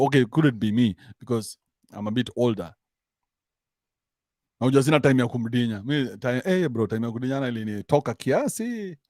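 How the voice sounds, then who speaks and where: With a Kenyan accent and a mid-range, somewhat dark voice, a commentary show host tears into a crude, mocking rant played for laughs, mixing English with slang. The recording is clean studio audio without any echo.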